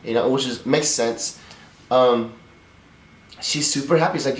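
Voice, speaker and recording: A man's voice: mid-range voice, steady tone, moderate pace, pauses often. A man in his thirties co-hosting a casual podcast, telling a long personal story in a candid, rambling way with some swearing. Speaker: podcast co-host. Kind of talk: casual conversation. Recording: roomy echo.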